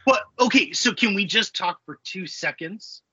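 A man co-hosting a podcast, chatting excitably and profanely about a movie. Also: high voice, normal speed, husky, no echo, dull audio. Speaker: podcast co-host. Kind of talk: casual movie chat.

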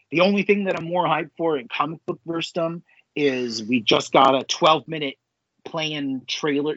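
A man co-hosting a podcast in casual chat, excitable and swearing freely, with lots of fillers. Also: on the high side, no echo. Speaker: podcast co-host. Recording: dull lo-fi sound, dry.

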